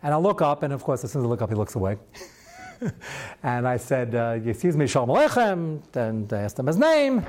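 A man teaching a Talmud class as a rabbi, chatty and animated, sprinkling his talk with Hebrew and Yiddish terms. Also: medium pitch, moderate pace. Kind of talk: Talmud class lecture with storytelling.

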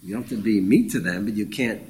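A man's voice: fairly low pitch, quick pace, a little mellow, a little hiss or hum, low-quality recording. A man teaching an informal Bible class in a conversational, wry way. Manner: conversational and wry, acts out quoted speakers.

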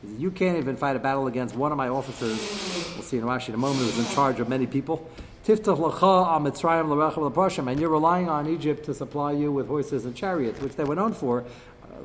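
A man's voice: medium pitch, long reverb tail, slight background noise. A man teaching a text-study class, acting out quoted speakers with sarcastic asides. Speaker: Torah teacher.

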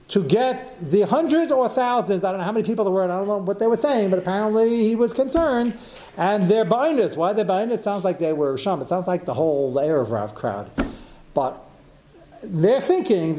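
Brief: male Torah teacher, fairly high mellow voice, thinking aloud through a Talmud lecture with rhetorical questions. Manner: thinks aloud, asks rhetorical questions, mixes Hebrew terms.

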